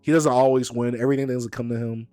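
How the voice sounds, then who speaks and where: A man hosting a stream in casual chat, animated and teasing, quick to argue his point. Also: mid-range voice, clean tone, no room sound, soft background music. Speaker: streamer host.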